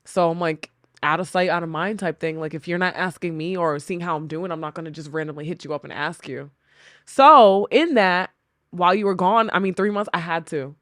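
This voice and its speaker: A woman's voice: lowish voice, fairly even intonation, fairly quick, fairly bright tone, no room sound, studio quality. A woman on a podcast, speaking candidly and reflectively about personal struggles, often voicing her own past thoughts. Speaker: podcast guest, co-host wife. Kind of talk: candid conversational storytelling.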